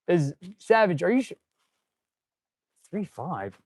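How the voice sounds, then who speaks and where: A man's voice: high voice, big pitch swings, slow pace, no room sound. A man who is a mechanic, chatting casually on a live stream while he works in an auto repair shop, laid-back and calling viewers "dude.". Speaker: auto mechanic and channel host.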